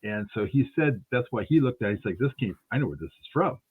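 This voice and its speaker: On a radio show, a male host rambles through an anecdote during a casual interview, acting out the dialogue as he goes. His mid-range voice is fast and expressive with a breathy edge, and the audio has a tinny phone-line quality.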